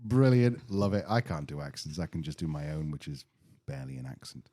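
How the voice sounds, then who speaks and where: A man's voice: rumbling low, expressive, fairly quick, dark tone. A British man co-hosting a podcast in casual chat, joking and self-deprecating. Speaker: podcast co-host.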